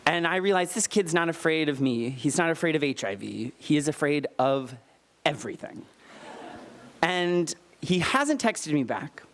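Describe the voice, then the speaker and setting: A man telling a personal story live on stage at a storytelling night, candid and earnest, with lively emphatic retellings of dialogue, into a stage microphone. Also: fairly high pitch, moderate pace.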